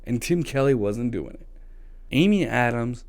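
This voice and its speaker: A man's voice: medium pitch, animated, normal speed, darkish tone. A man delivering a passionate, frustrated solo opinion rant as a sports vlogger, hammering his points with repetition.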